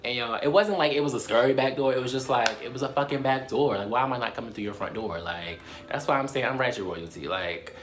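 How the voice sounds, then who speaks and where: A young man from Baltimore with a Baltimore accent, telling a personal story to camera in a lively, profane way and addressing viewers as "y'all". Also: mid-range voice, fast, hardly any pauses, over music. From Baltimore, USA. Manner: animated, swears a lot, laughs often, addresses viewers as "y'all". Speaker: storytime vlogger.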